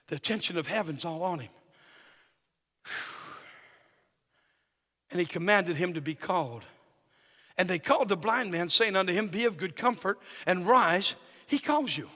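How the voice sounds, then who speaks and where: A male preacher with a high, very bright voice whose pitch leaps around as he preaches. He drops to a low, intimate tone for stories, then rises into shouts, with folksy phrasing. The sound carries a long church-hall reverb. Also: animated, moderate pace, creaky, long pauses. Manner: swings from low intimate storytelling to shouted climaxes; folksy Southern-style phrasing with "ain't" and "y'all". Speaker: guest preacher. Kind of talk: sermon. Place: church sanctuary.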